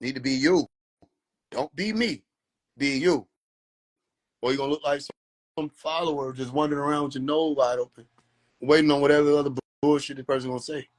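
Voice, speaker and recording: A man hosting a casual livestream, talking in an animated, preachy way and mocking people with laughs. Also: a little high, brisk, long pauses. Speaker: livestream host. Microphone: phone.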